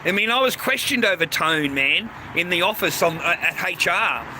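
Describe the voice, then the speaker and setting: This Australian vlogger's voice sits high, with lively intonation and a moderate pace. Standing outdoors on a noisy street as traffic passes, he rambles through a casual, profane, blunt monologue, tossing "mate" at the listener over and over.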